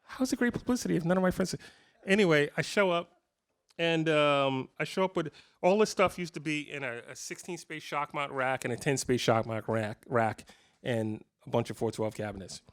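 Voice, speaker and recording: The speaker is a guitarist in his fifties whose clear, resonant voice sits at medium pitch and moves at a moderate pace. He spins lively, humorous anecdotes for a live clinic audience, laughing frequently in a casual storytelling style.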